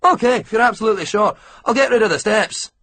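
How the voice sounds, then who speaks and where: A bright, chatty Scottish airport worker, as a man puts him on for an audiobook, his voice lifted well above the teller's own and rushing along with eager friendliness. The tone is husky and breathy. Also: sits high, animated, pitched above the performer's own voice, full character voice. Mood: cheerful. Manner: cheerful and chatty. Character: ginger-haired Scottish male ground worker, friendly.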